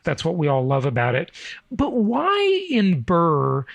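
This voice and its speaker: A middle-aged man hosting an interview podcast, pitched a little high for a man. He chats freely, tossing in asides and correcting himself as he goes. His voice sits dry and close to the mic. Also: wildly swooping pitch, gravelly, dry recording, dull audio. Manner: chatty, self-correcting, quick asides. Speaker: podcast host.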